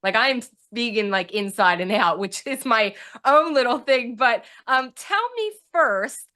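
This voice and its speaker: A woman's voice: on the high side, expressive, measured pace, bright, forceful tone. A woman hosting a podcast, chatting casually and adding emphatic asides of her own. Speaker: podcast host.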